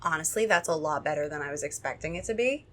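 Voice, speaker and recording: A woman's voice: low voice, animated, quick pace. A young woman hosting a comedy drinking game, reading a kids' horror book aloud with sarcastic running commentary. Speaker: host.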